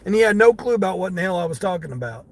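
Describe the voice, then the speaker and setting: A man's voice: high voice, very animated, racing, creaky. A middle-aged man, a delivery driver, telling a story to his viewers from his car, laughing often and talking to them by name. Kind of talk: casual storytelling while driving.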